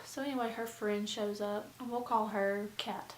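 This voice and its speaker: A woman's voice: mid-range voice, steady tone, normal speed, roomy sound, a little hiss or hum, rough recording. A young woman telling a casual storytime as a vlogger, chatty and full of "like" and asides. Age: young adult. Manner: chatty, lots of "like", rambling asides.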